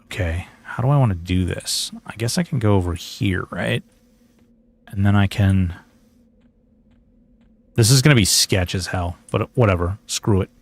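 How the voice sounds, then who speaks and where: A man's voice: sits low, moderate pace, pauses often. A man streaming a game, chatting casually in a rambling, joking way and slipping into mock outrage. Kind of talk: casual gameplay commentary.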